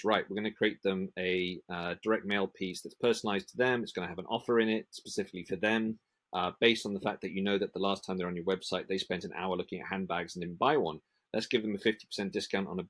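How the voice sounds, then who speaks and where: A man from the UK with a fairly low voice speaks in a podcast interview. He talks with passion about his trade and slips into lively acted-out dialogues as he goes. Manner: passionate, acts out sales dialogues in animated voices. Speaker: print industry association manager.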